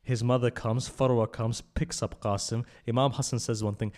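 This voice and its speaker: A man giving a mourning sermon that moves from hushed, low telling to loud, high, tearful pleading, choked with tears. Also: steady tone, moderate pace, hardly any pauses. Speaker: speaker at a memorial gathering. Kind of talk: Shia majlis sermon with mournful recitation.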